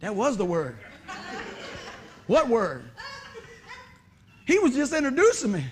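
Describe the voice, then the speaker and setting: A high-pitched man delivers a sermon, animated and quick to laugh as he tells his story. His voice sits well above the usual range for a man. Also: a little hiss or hum. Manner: animated, often laughing while telling the story. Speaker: preacher and musician. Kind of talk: sermon with a humorous personal story.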